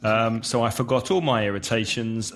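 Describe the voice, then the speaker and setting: A man's voice: medium pitch, steady tone, normal speed, a bit bright. A man co-hosting a teaching podcast, reading listener questions and carefully explaining word stress and syllables. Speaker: podcast co-host, English teacher.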